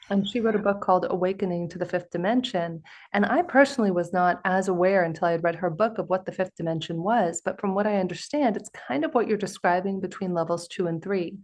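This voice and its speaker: Woman host telling a lively story. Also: fairly low pitch. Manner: animated storytelling with quoted voices. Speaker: podcast host. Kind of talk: conversational interview.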